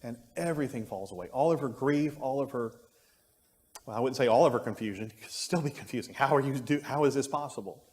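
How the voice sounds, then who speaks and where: Speaking fast in a medium-pitched, darkish voice, a man muses aloud while leading an adult Bible class, frequently starting his thoughts over. The church classroom gives the recording a long reverb.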